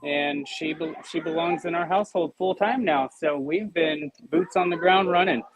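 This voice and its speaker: A man talking on a video call, halting and repeating his words. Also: fairly high pitch, a crowd in the background, rough recording. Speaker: caller, the host's son. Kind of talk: casual video call chat.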